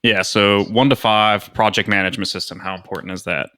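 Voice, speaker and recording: A man's voice: fairly low pitch, steady tone, fairly quick, pushed and bright, no room sound, studio quality. A man hosting a casual podcast, upbeat and filling his talk with "like" and "you know". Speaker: podcast host.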